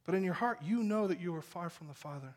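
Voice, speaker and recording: A man preaching a sermon from the pulpit. His voice sits high for a man. He preaches with feeling, rising to loud urgent calls and then dropping to quiet, earnest tones. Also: expressive, fast talker. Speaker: pastor.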